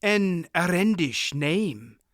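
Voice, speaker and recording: A man's voice: sits high, animated, slow, a bit bright, dry recording, studio quality, voice pushed up, exaggerated voice. Audiobook: a man voicing a cold, scarred foreign warrior, harsh and suspicious. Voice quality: harsh, thickly accented. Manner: cold and probing.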